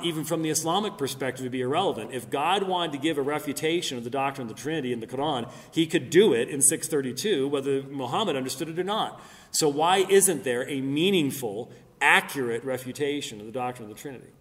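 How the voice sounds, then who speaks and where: A man's voice: medium pitch, fairly quick. A middle-aged man giving an apologetics lecture in a church hall. He argues emphatically and pushes his voice up on key points, with fillers and restarts in between. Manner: emphatic, argumentative, rising loud on key points. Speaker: Christian apologist speaker. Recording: long hall reverb.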